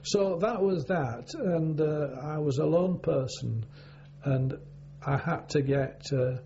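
Gravelly older man, halting. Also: on the high side, dark tone. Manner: rambling, halting, with many fillers. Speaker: interviewee, former navy sailor. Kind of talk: oral history interview. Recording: dull lo-fi recording with faint hum.

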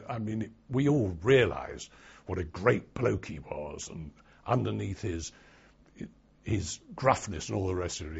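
In an oral history interview, an older man reminisces slowly and wryly. His voice is low, gravelly and slightly husky, and the recording has a dull, lo-fi quality.

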